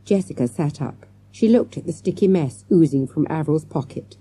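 A woman's voice: sits low, moderate pace, few pauses, breathy edge, no room sound. A woman narrating a children's storybook, voicing the characters as she goes. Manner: lively, acts out character lines. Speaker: audiobook narrator.

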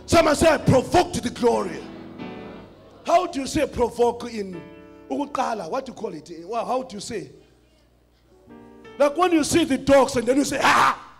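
A man from South Africa with a South African accent preaching a sermon, with rhythmic, half-sung, shouted phrases. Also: very high-pitched, expressive, moderate pace, creaky, faint music behind.

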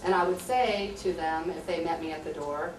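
A woman's voice: lowish voice, normal speed, distant mic. An American woman teacher talks earnestly and conversationally about her classroom. She sounds set back from the microphone in an echoey room. A light hum sits underneath. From USA. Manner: earnest, conversational, acts out student exchanges. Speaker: high school teacher. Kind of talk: explaining classroom practice to visitors.

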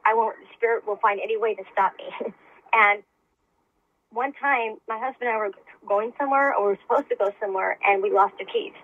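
An earnest woman in her fifties, chatting as a podcast guest, her voice husky and slightly breathy. The sound is dry and muffled, like lo-fi call audio with no room around it. She talks in a plain, middle-pitched voice. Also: brisk, dry recording. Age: 50s. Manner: earnest, laughs often. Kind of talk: casual conversation. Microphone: remote call mic.

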